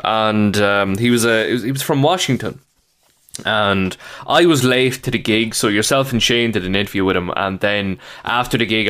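A man's voice: fairly low pitch, fairly bright tone, smooth. An Irish man with a Kildare accent, co-hosting a podcast in casual chat, telling anecdotes and teasing. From Ireland. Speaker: podcast co-host.

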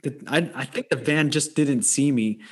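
A man's voice: mid-range voice, normal speed, slightly rough. A man as a podcast guest, telling a personal story in a casual, rambling way with many restarts. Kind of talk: casual chat.

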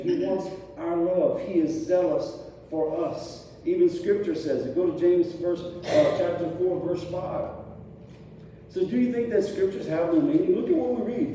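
A man preaches to his congregation in a relaxed, talky sermon, his mellow voice sitting a little high. He keeps asking the room whether they follow him. The sound is distant and washed in the long reverb of a large hall, with faint ambience underneath. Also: a little hiss or hum. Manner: conversational preaching with rhetorical questions to the congregation. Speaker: pastor. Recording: echoey hall picked up from afar, faint ambience.

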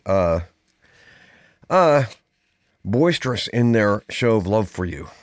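A podcast host with a lowish voice delivers a loose, casual monologue, drifting into asides, using many fillers and trailing off mid-thought. The studio-quality recording has no room sound.

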